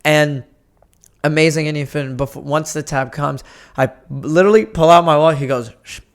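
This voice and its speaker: A young man chatting casually as a podcast guest, telling stories with lots of energy. He slips into the voices of the people he quotes, with the quick, loose delivery of a stand-up comedian. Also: on the high side. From United States. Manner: animated storyteller, acts out quoted lines.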